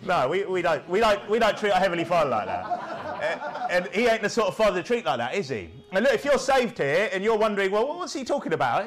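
A man's voice: high voice, very animated, quick pace, hardly any pauses, fairly bright tone. A man preaching a sermon, punchy and rhetorical, who keeps checking in with the congregation through tag questions.

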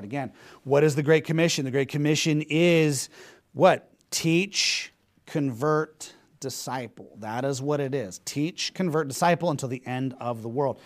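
Male preacher mid-sermon, emphatic and scornful, voice a bit high. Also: moderate pace. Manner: emphatic, mocking, repeats rhetorical questions.

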